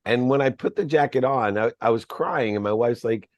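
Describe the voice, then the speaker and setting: A man's voice: medium pitch, moderate pace, dry recording, highs cut off. A man, a podcast guest, telling a personal story in an earnest, reflective way.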